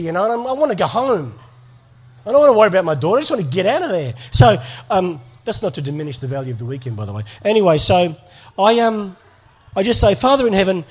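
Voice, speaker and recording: Middle-aged aussie guy preaching to a crowd, earnest storyteller, kinda high voice. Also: a little mellow. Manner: storytelling, earnest, with acted dialogue. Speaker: speaker. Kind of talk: sermon to a live audience.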